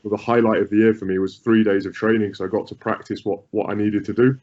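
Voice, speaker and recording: Interviewed as a goalkeeping coach, this man talks fast in a lowish, slightly mellow voice with little pitch movement. His conversational answers are full of repeated words and restarts, and the lo-fi recording sounds muffled.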